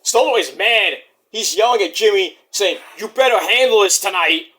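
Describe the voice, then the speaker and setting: Bright, lively-voiced man chatting loosely. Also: high voice, moderate pace, husky. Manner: loose and profane, does voices of wrestlers. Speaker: wrestling predictions vlogger. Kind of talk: casual chat.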